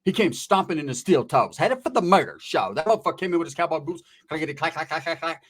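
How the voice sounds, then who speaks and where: Animated, profane male storyteller. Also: fairly high pitch, quick pace, few pauses. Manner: animated, profane, street slang. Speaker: storyteller guest. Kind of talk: casual storytelling.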